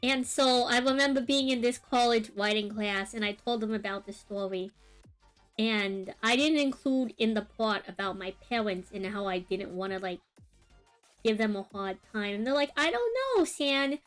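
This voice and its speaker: A young woman streaming her drawing chats in a relaxed, rambling way, telling a long personal story with many fillers and asides. She has a mid-range voice with fairly even intonation and a normal pace. Music plays faintly behind her.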